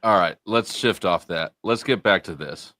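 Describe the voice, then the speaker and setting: A man's voice: deep voice, moderate pace, bright, forceful tone, no echo. A man commentating casually on a video during a livestream and pointing out the action with enthusiasm.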